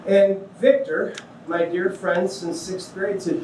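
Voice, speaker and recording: Animated man telling a story in an echoey room. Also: a little high, normal speed, a little hiss or hum. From Ohio, USA. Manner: animated storyteller, acts out quotes, jokey asides. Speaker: guest speaker. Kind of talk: testimony talk to a small audience. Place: small meeting room. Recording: echoey room, mic at a distance.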